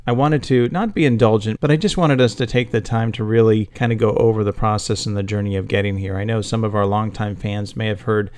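A man's voice: fairly low pitch, steady tone, a little fast, hardly any pauses, a little mellow, smooth. A middle-aged man co-hosting a casual podcast with his daughter, teasing and laughing often. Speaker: podcast co-host.

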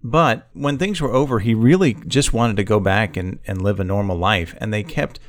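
A man co-hosting a podcast, talking in a relaxed, reflective way with playful banter. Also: on the low side, moderate pace. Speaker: podcast co-host. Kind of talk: casual conversational podcast.

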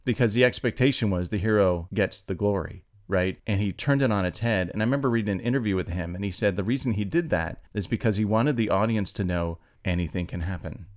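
A man who writes screenplays, chatting casually and telling anecdotes with lively energy. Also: lowish voice, quick pace, hardly any pauses. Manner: animated storyteller, acts out quotes. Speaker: screenwriter guest. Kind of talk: casual storytelling chat.

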